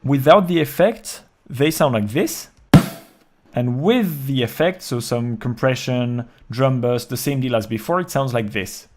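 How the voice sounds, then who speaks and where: Guy explaining how he built a track, calm step by step, faint music behind. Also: medium pitch, a little slow. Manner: calm step-by-step walkthrough, counting beats aloud. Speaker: music producer. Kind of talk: explaining a music production process.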